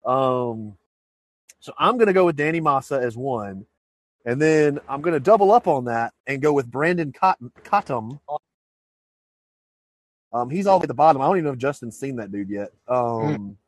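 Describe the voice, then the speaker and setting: A man's voice: mid-range voice, animated, normal speed, no room sound. A man co-hosting a podcast, chatting casually and jokingly, often restarting and repeating words. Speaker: podcast co-host. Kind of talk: casual chat.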